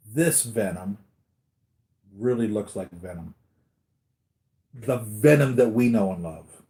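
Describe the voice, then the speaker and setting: A man from the United States hosts a live stream about his collectibles, chatting casually like an enthusiastic fan, rambling and using lots of fillers. His voice is lowish and mellow.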